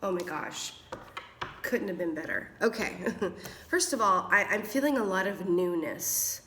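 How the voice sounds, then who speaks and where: A woman's voice: medium pitch, lively intonation, unhurried, fairly bright tone, a little hiss or hum. Chatty woman getting over a cold. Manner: chatty and affectionate, laughs often, calls listeners darling and honey; whispers while drawing cards. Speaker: tarot reader. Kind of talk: casual tarot reading.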